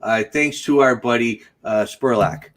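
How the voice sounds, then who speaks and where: A man's voice: medium pitch, a little slow, a bit bright. A man hosting a casual livestream chat, joking and chatty and laughing often. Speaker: host.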